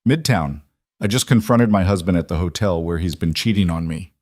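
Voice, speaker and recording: A man voicing a composed woman leaving her cheating husband, speaking in calm, clipped, resolute lines. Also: low-pitched, brisk, no room sound, studio quality.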